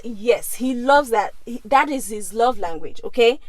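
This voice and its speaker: A woman's voice: on the high side, expressive, measured pace, dry recording, rough recording. A woman in her thirties from Nigeria, who also speaks Igbo, talks to her viewers in a chatty vlog and keeps checking in with "okay?". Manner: chatty, often asks okay?. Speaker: vlogger. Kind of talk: casual talk to camera.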